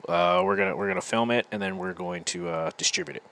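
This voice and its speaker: A man doing a brisk, offhand wrestling organizer. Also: mid-range voice, very animated, creaky, fairly bright tone, a little hiss or hum, heavily acted. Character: brisk male organizer of amateur wrestling videos.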